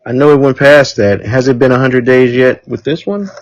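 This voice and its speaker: A man's voice: medium pitch, fairly even intonation, moderate pace, no echo, muffled recording. A man co-hosting a podcast, giving short easygoing replies and chuckling. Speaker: podcast co-host. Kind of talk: casual chat.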